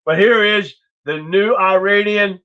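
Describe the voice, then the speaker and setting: A man's voice: high-pitched, a little slow, clear, resonant tone. A man hosting a political livestream show, talking in a blunt, rambling, profane way. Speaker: livestream talk show host. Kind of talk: casual political commentary. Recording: dull lo-fi stream audio.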